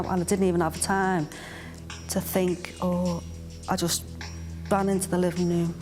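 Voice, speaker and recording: A mother quietly recalling events in a documentary interview, numb and halting. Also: fairly low pitch, little pitch movement, faint music behind.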